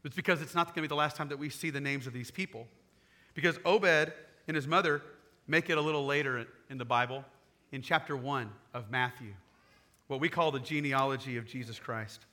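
A man preaching a sermon, retelling a scripture story in casual, animated paraphrase and acting out the characters. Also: mid-range voice, a little fast. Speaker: pastor.

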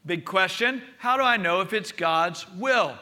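A man's voice: sits high, expressive, measured pace, pushed and bright. A man preaching a sermon as pastor, leading the congregation in spoken declarations. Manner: leads congregation in call-and-response declarations.

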